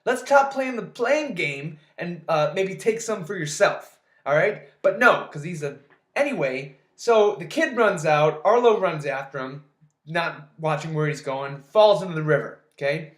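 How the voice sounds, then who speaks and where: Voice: mid-range voice, animated, measured pace, echoey room. A movie reviewer recapping a film in a casual, sarcastic, exasperated rant with plenty of swearing.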